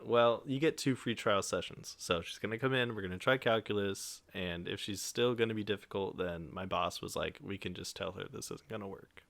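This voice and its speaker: A man's voice: on the low side, moderate pace, vocal fry, few pauses, no echo. A young man casually retelling a story on a podcast, acting out the people he quotes. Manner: animated retelling with quoted voices, swears mildly. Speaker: podcast co-host.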